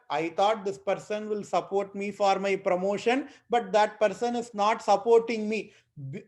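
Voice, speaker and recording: A man teaching a commentary on a scripture, explaining patiently with everyday examples and repeating key words. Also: high-pitched. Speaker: spiritual teacher.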